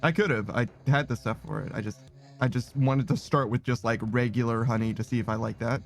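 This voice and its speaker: A man's voice: mid-range voice, fairly even intonation, fairly quick, vocal fry, faint music behind. Laid-back man streaming and chatting. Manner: laid-back, rambling, laughs often. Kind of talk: casual chat reading out chat messages.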